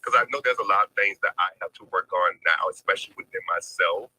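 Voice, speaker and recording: A man with a low, husky voice and a very sharp, bright edge. He speaks haltingly and earnestly on a faith live stream, full of fillers, and sounds close to tears. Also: rough recording. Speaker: guest. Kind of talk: heartfelt faith conversation.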